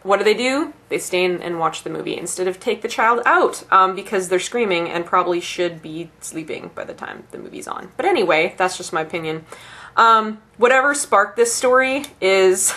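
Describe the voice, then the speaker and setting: A woman's voice: mid-range voice, animated, moderate pace, pushed and bright. Young woman ranting casually, profanely. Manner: ranting, profane, laughing asides. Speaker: bookstore employee.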